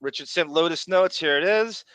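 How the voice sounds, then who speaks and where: A man hosts a casual livestream podcast with a bright, forceful voice. He talks in an animated, chatty way, laughing as he goes. The sound is dry and close, with no room around it. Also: on the high side, moderate pace, no echo. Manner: animated, laughs often, reads viewer messages aloud. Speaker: podcast host.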